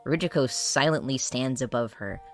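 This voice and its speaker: A man playing an exasperated male warrior who reads a cheesy romance aloud and keeps protesting loudly. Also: mid-range voice, moderate pace, soft background music, close to an everyday voice. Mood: reading. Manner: grumbling, loud protesting outbursts. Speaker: player character. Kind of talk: in-character dramatized reading in a tabletop game.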